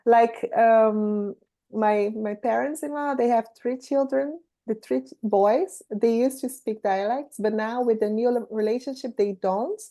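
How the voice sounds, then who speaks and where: Brazilian woman, native Portuguese speaker, host, higher mellow voice, measured and thoughtful. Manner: thoughtful, measured explaining with fillers. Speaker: interview host. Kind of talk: casual chat.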